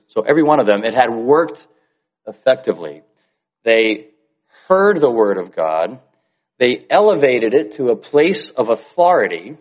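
A man's voice: mid-range voice, rough recording. A man with a mid-range voice giving a Bible teaching. He explains the passage plainly and conversationally, with asides to his listeners.

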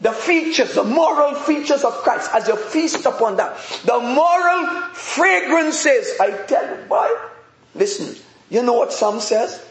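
A man preaching a sermon with passion, rising at times to shouting. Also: extremely high pitch, expressive, unhurried. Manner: impassioned, rises to shouting. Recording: echoey room.

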